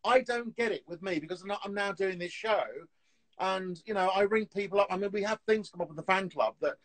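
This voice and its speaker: A man, a TV antiques dealer, telling stories in a casual, animated way on a live video call. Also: high voice, low-quality recording. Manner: chatty storyteller, animated, quick laughs. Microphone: phone on a live video call.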